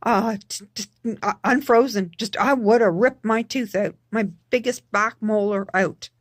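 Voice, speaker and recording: A woman talking casually in a personal vlog, halting with frequent restarts and repeating words for emphasis. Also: medium pitch, no echo, studio quality. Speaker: vlogger.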